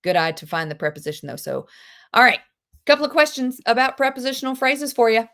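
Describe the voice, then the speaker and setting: A woman teaching a live online English class, animated and chatty, with gasps and quick asides to her students. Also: fairly high pitch, a little hiss or hum. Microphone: video call.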